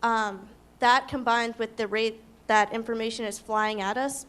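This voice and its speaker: A woman's voice: on the high side, fairly even intonation, unhurried, fairly bright tone, clear, resonant tone. A young woman student asking a long, hesitant question from the audience, with many ums. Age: young adult.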